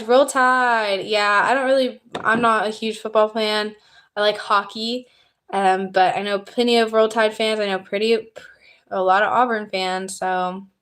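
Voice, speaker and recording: A young woman with a Southern American accent chats on a livestream in a friendly, upbeat way. She talks at a medium pitch and reads out viewer comments as they arrive. Her delivery is loose and conversational. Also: fairly bright tone. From Southern United States. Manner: chatty and upbeat, reading out viewer comments and thanking new subscribers. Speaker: YouTuber hosting a livestream. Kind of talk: casual livestream chat.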